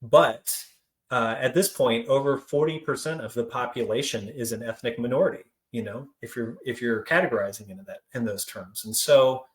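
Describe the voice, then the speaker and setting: A young man from Central Kentucky leads a training session, his voice sitting at an everyday middle pitch. He talks in a loose, conversational way, leaning on frequent fillers as he tells stories. The room around him has a noticeable echo. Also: moderate pace. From Central Kentucky, United States. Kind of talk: training presentation. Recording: roomy echo.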